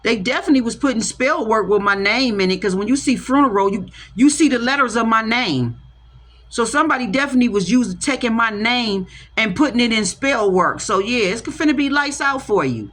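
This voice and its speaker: A woman's voice: a little high, lively intonation, fairly quick. Passionate woman tarot reader, street slang. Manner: passionate, slangy, repeats herself, swings from soft to loud. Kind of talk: casual spiritual talk to viewers.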